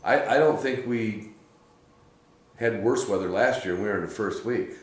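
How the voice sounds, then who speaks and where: A man's voice: on the low side, normal speed. A man from Michigan hosting a podcast, telling a rambling story in casual chat at a hunting camp and laughing often. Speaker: podcast host. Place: hunting camp room, drinks being poured. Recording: echoey room.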